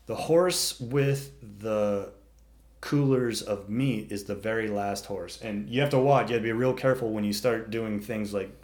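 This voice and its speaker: A man telling a long story in casual chat, animated and swearing freely as he acts out the animals. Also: lowish voice, normal speed.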